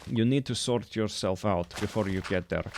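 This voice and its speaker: A man playing an earnest, oversharing man who speaks in broken English and keeps pleading his case. The voice is low, with a faint hiss behind it. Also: normal speed, a little mellow, natural voice.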